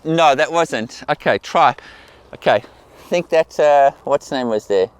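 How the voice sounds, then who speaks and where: Speaking at a measured pace, a middle-aged man uses a slightly high voice that is clear and resonant. He is a portrait photographer in an outdoor field, directing a model and repeating the same encouraging praise for every pose.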